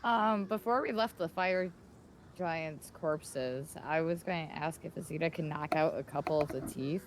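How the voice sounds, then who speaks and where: Low-voiced woman playing a tabletop game. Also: unhurried, a little hiss or hum. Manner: casual, hesitant. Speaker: player. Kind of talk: casual tabletop game talk.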